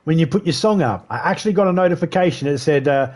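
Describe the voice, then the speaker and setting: A man's voice: on the high side, lively intonation, quick pace, a little mellow. A man chats loosely with his viewers during a live game stream. He rambles from one thought to the next and laughs easily as he goes. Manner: rambling, chatty, laughs often, talks to chat. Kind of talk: casual live-stream chat.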